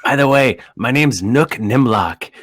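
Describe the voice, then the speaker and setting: A man's voice: medium pitch, animated, a little slow, a bit bright. A man voicing a male satyr prisoner who wails theatrically in a fantasy game. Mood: friendly. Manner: theatrical wailing.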